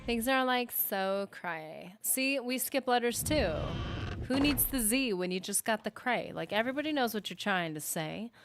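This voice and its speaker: A woman's voice: a little high, normal speed, background noise. A woman streaming a game, chatting casually and teasing her viewers in a playful way. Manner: playful, teasing banter with chat. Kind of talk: casual live-stream chat.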